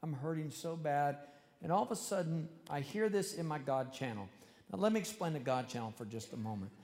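A man's voice: a little high, fast talker. Earnest preaching man in a reverberant hall. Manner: earnest, conversational, speeds up in animated asides. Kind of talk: sermon storytelling to a congregation.

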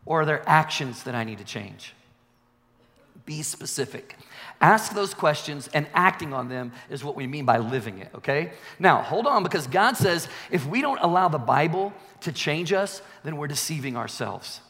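A man's voice: on the high side, very animated, normal speed, a bit bright. A male pastor preaching a sermon with emphatic repetition, calling out to the congregation. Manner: emphatic, repeats key phrases, calls for congregation response. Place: church sanctuary. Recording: long reverb of a large hall.

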